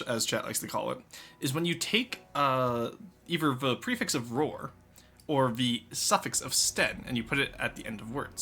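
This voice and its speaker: An excitable streamer reacting to chat live, with a bright, forceful voice that swings widely up and down and curses freely between laughing fits. Soft music plays faintly underneath. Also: medium pitch.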